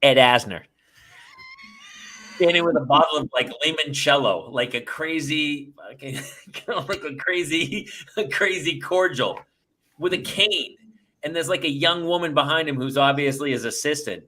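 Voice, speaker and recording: A man's voice: on the high side, moderate pace. A middle-aged man co-hosting a casual chat, telling an anecdote with lots of laughs. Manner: animated anecdote-telling, laughs through the story. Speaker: co-host.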